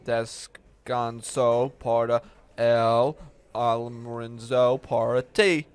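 A man playing a grumpy, greedy old diner manager with a gruff, dismissive manner in an amateur comedy sketch. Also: medium pitch, level tone. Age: older. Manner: gruff, dismissive and slow-spoken.

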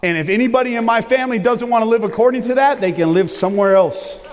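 Middle aged guy preaching loud n emphatic, highish voice, church echo rings out. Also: fast talker. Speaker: pastor. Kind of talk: sermon. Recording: long reverb of a large hall.

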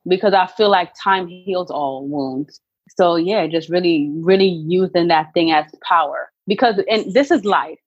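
Woman guest, middle-aged, emphatic and candid; low voice, muffled dry recording. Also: measured pace, husky, dry recording. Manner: earnest, emphatic, faith-filled storytelling. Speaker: guest, author and actress. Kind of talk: candid interview talk.

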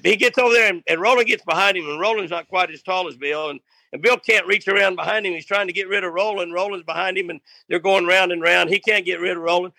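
Gravelly, bright older storyteller man. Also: high-pitched, fast talker, no room sound. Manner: rambling, self-interrupting, laughing at his own tale. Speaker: guest storyteller. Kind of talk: casual anecdote telling.

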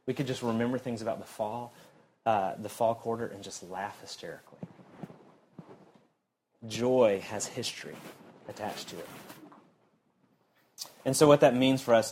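A young man preaching a sermon in a conversational way, his voice swinging between loud emphasis and quiet, low passages. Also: a little hiss or hum. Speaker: pastor.

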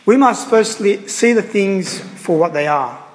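A man preaching a sermon as a priest, earnest and halting, repeating phrases and pausing on fillers. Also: sits high, lively intonation, big-room sound, slight background noise, poor audio.

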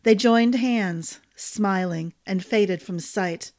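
Female fantasy audiobook narrator and podcast host, steady read. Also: medium pitch, slow.

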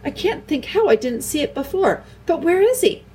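This is a woman reading an excited boy king, his voice lifted high and hurried. He sounds breathless and urgent, eager to be heard. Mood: wondering.

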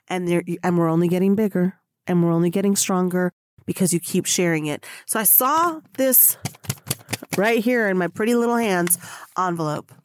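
A woman hosting a solo podcast in a casual, animated way, laughing, swearing freely and talking to herself. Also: fairly low pitch, normal speed, no room sound. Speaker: podcast host.

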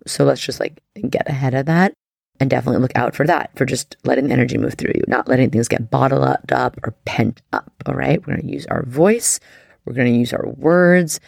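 A woman hosting an astrology podcast in a casual, effusive, heartfelt way, with lots of "like" and the odd soft whisper. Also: very deep voice, creaky, dry recording, clean studio sound. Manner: effusive and heartfelt, heavy use of "like".

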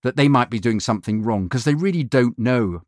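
A man's voice: medium pitch, expressive, a little fast, no echo. Man rambling through a studio anecdote. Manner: rambling, full of restarts and fillers. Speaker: voiceover artist. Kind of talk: anecdotal storytelling.

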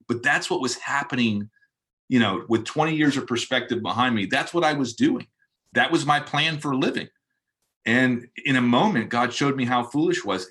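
A man in his forties, a podcast guest, telling his personal faith testimony in a reflective, storytelling way with frequent pauses and fillers. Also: mid-range voice, fairly bright tone.

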